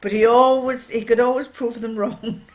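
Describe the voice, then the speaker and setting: A woman's voice: a little high, level tone, moderate pace, a little hiss or hum. An older woman from northern England, chatting casually in a rambling, anecdotal sewing vlog. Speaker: sewing vlogger. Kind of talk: casual chat.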